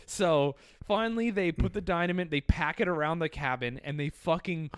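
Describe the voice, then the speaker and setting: A man co-hosting a podcast, telling an animated, profane story in casual chat. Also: a little high, normal speed, clean tone, dry recording, clean studio sound. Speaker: podcast co-host.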